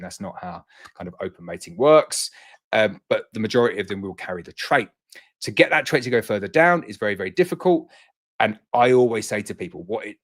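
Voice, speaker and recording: A middle-aged man with a fairly low voice hosts a relaxed live question-and-answer session. He reads viewer comments aloud in a lifted tone, then answers in an easygoing, conversational manner. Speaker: beekeeping show host answering viewer questions.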